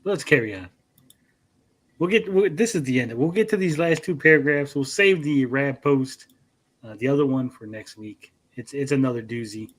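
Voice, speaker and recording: A man's voice: medium pitch, moderate pace. A man co-hosting a livestream podcast, talking bluntly and profanely and mocking people with put-on quotes. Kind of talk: profane, blunt casual chat.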